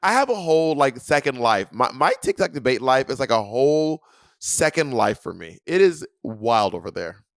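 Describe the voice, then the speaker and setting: A young man co-hosting a podcast, telling a story in a sassy, animated way and acting out what people said. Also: medium pitch, normal speed, no room sound, clean studio sound. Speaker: podcast co-host. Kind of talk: casual chat.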